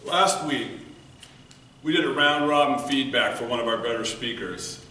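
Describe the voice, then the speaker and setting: A man giving a prepared storytelling speech at a speech contest, earnest, moving between loud emphasis and quiet, hushed passages. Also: mid-range voice, normal speed. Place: meeting room before an audience. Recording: echoey room, mic from far off, faint noise.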